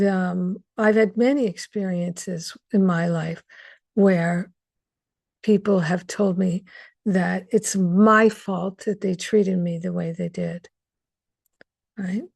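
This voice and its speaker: A woman's voice: medium pitch, gravelly, a little mellow, no echo. A woman hosting an online spiritual gathering, speaking earnestly and reflectively with many fillers and restarts over a video call mic. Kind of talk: conversational spiritual talk.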